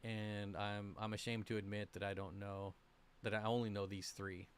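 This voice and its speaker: A man's voice: fairly low pitch, little pitch movement, moderate pace, a little hiss or hum. A man hosting a casual livestream about aquarium fish, reading viewer comments aloud in a chatty, rambling, self-deprecating way. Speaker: aquarium channel host.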